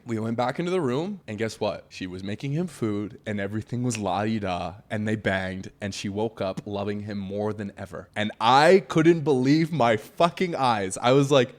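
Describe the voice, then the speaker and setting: Blunt, animated man telling a story. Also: fairly low pitch, a little fast, hardly any pauses. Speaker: reaction channel host. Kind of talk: casual storytelling and commentary.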